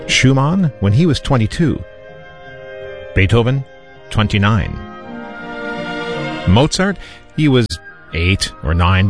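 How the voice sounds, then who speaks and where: A man hosting a classical music radio program, announcing pieces with a relaxed, lightly wry delivery into a studio microphone. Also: lowish voice.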